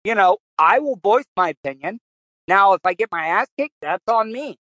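A man hosting a casual podcast, relaxed and chatty. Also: sits high, moderate pace, dry recording, lo-fi sound. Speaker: podcast host. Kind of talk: casual chat.

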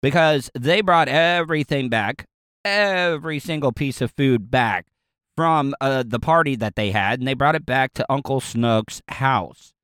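A man's voice: mid-range voice, unhurried, fairly bright tone, clean tone, no room sound, studio quality. Rambling Southern man telling a story. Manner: rambling, with frequent fillers, restarts and chuckles. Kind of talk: casual storytelling.

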